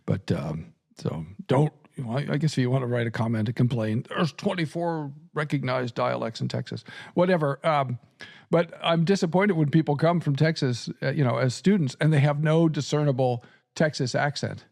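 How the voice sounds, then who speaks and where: Creaky-voiced chuckling man hosting a podcast. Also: mid-range voice, a little fast, darkish tone. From Nebraska, USA. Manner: chatty, chuckles often, frequent restarts. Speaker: podcast host and seminary professor. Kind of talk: casual podcast chat.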